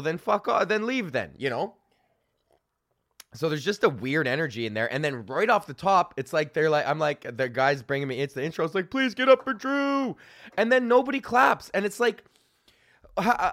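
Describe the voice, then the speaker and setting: A man's voice: fairly high pitch, a bit bright, no room sound, studio quality. Foul-mouthed man ranting. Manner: profane, loose and rambling, drawn-out fillers. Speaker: podcast host and stand-up comedian. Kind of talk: casual ranting monologue. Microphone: studio mic on a stand.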